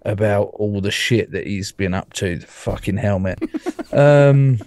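A man's voice: lowish voice, a little slow, darkish tone, no room sound. A man on a video call chatting about his podcast, rambling and swearing, laughing often. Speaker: podcast guest. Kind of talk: casual chat.

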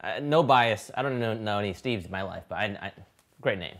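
A man playing a halfling at a tabletop game, halting and jokey, switching between a put-on accent and his own voice. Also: lowish voice, lively intonation, fairly bright tone. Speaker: player.

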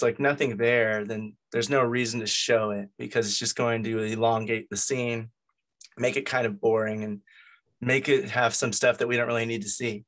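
A man's voice: medium pitch, a bit bright. A man who is losing his voice, leading a group meeting in a loose, conversational way with plenty of fillers. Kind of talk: casual explanatory talk.

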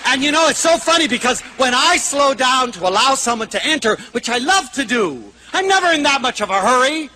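An older American man giving a lively motivational lecture, acting out quoted voices with sudden shouts. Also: very high voice, brisk, hardly any pauses, some chatter behind, a little hiss or hum. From United States. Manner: animated, acts out quoted voices, shouts for emphasis.

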